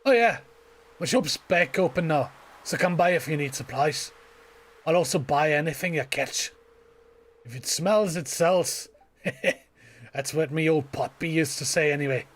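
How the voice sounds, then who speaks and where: A man voicing a gruff old fisherman in a game, talking in salty sailor style over faint game music. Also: a little high, a little slow, long pauses. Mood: hearty.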